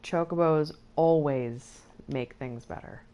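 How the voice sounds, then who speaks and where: Slow-talking woman streaming a game. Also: sits low, dull audio. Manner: chatty, giggly, talks back to the game. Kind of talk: casual let's-play commentary.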